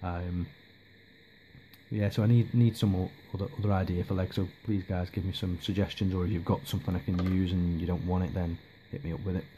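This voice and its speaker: Male vlogger, mellow and low, hesitant, casual rambling delivery. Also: flat delivery, a little fast, slight background noise. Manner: hesitant, lots of ums and restarts. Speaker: miniature hobby vlogger.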